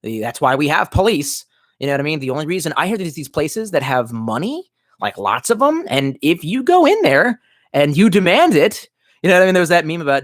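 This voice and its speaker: A man's voice: fairly high pitch, big pitch swings, fairly quick, no room sound, studio quality. Rambling, swearing male live streamer. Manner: rambling, profane, many fillers and restarts. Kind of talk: casual live-stream chat, reading viewer comments.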